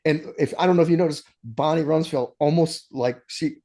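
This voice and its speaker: A man's voice: fairly high pitch, fairly quick, gravelly. A man co-hosting a casual movie podcast, retelling scenes with laughs and restarts. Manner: animated storytelling with frequent laughs and restarts. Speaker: podcast co-host.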